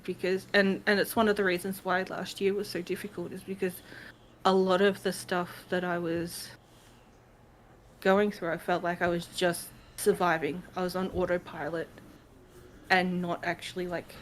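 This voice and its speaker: A woman, a guest on a casual live stream, chatty and quick to laugh, with lots of trailing fillers. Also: lowish voice, slight background noise, poor audio.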